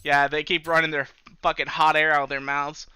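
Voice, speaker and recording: High, bright-voiced man ranting casually. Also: little pitch movement, brisk, smooth, no room sound. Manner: rambling, profane, chuckling. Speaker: live-streaming gamer. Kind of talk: casual live-stream chat.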